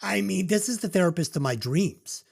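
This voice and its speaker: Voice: medium pitch, animated, normal speed, gravelly, darkish tone, husky. A podcast co-host reviewing a movie in casual chat, emotional and choked up at times, swearing freely.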